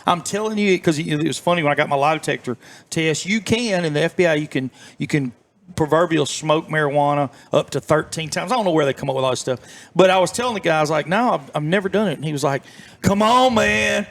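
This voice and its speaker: A man's voice: fairly high pitch, quick pace. A middle-aged man, telling rambling, folksy stories as an interview guest. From southern United States. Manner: folksy, rambling, many fillers and restarts. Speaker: interview guest, former FBI agent. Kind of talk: storytelling in a casual interview.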